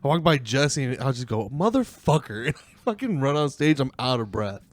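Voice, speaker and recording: A man's voice: medium pitch, brisk, dry recording. A man, a comedy podcast co-host, telling a loose, profane story with lots of laughter in casual chat. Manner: animated, swearing, laughing through anecdotes.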